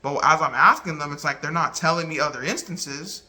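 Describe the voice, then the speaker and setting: A man talking casually to the camera, recounting a falling-out in an earnest, halting way with many restarts. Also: fairly high pitch, bright, forceful tone. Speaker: vlogger.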